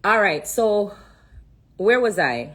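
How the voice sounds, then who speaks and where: A woman's voice: mid-range voice, animated, slow pace, a bit bright. A woman with a Jamaican accent giving an emotional testimony on a phone live stream, earnest and repeating herself for emphasis while fighting back tears.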